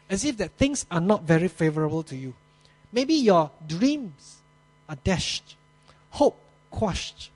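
A man preaching a sermon, retelling a story with dramatic pauses and small grammar slips. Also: high voice, a little mellow, poor audio.

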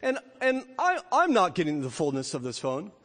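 Male pastor, middle-aged, high voice, sermon with dramatic rises and soft asides, echoing church hall. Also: wildly swooping pitch, moderate pace. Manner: rising to emphatic peaks, then dropping to quiet asides. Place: church sanctuary. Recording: long reverb of a church hall.

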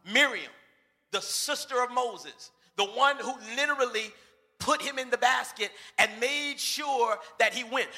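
A man preaching a lively sermon, acting out the voices of bible characters and shouting for emphasis. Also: extremely high pitch. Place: church sanctuary. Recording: reverberant church hall.

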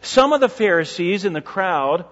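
A man's voice: high-pitched, expressive, moderate pace, a bit bright. A male pastor preaching a sermon in a church, explaining scripture in a casual, conversational teaching tone. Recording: dull sound with long hall reverb.

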